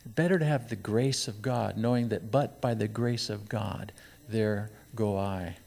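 A man's voice: lowish voice, measured pace, vocal fry, darkish tone. A man preaching a sermon, reading scripture aloud and pressing his points with emphatic rises and rhetorical questions. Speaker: pastor. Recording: long hall reverb.

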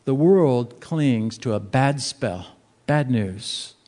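Man preaching, mellow voice. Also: medium pitch, takes it slowly. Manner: conversational preaching, emphatic and animated. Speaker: pastor. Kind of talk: sermon.

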